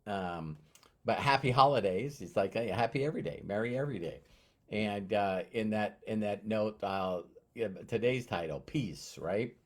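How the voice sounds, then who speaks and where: A man's voice: lowish voice, animated, normal speed. Male motivational streamer, casual, chatty, greets viewers by name. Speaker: motivational live-stream host. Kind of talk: casual live-stream talk. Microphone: phone.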